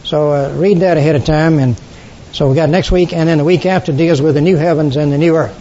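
Teaching a Bible study class, an older man speaks in a mellow, rather high voice whose intonation stays fairly even. His delivery is halting, full of "uh" and throat clearing, captured on a dull, lo-fi recording with a faint low rumble.

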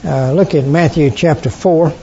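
An older man teaching a Bible study class, halting with frequent fillers and throat clearing. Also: mellow. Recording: dull lo-fi recording with faint rumble.

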